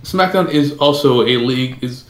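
A man's voice: medium pitch, normal speed, roomy sound. A man co-hosting a casual podcast, rambling and filling gaps with "you know". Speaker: podcast co-host. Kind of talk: casual chat.

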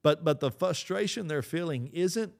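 A man's voice: fairly high pitch, expressive, moderate pace, vocal fry. A man hosting a podcast who tells a personal story in an earnest way, often repeating and restarting his phrases. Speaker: podcast host.

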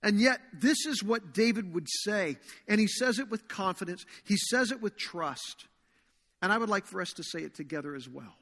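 A man preaching a sermon as pastor to his congregation, earnest and slowing down to stress key phrases. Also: high-pitched, lively intonation, fairly bright tone. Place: church sanctuary. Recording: long reverb of a large hall.

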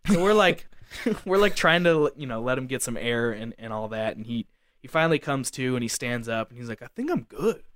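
A man's voice: mid-range voice, brisk, a bit bright, clear, resonant tone, no room sound, studio quality. A young man telling a casual story at length, rambling with lots of fillers like "like". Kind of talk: casual anecdote.

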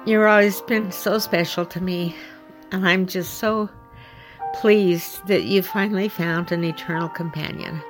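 An older woman, the groom's mother, delivers a tender, emotional message of blessing. She speaks slowly in a fairly low voice. Music plays clearly underneath. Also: steady tone, low-quality recording. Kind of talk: recorded well-wishing message.

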